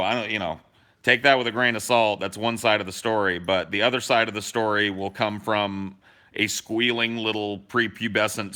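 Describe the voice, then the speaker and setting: Young male podcast co-host, bright and punchy, lower-pitched, animated swearing storyteller. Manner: animated storyteller, swears freely, acts out quotes. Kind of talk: casual podcast chat.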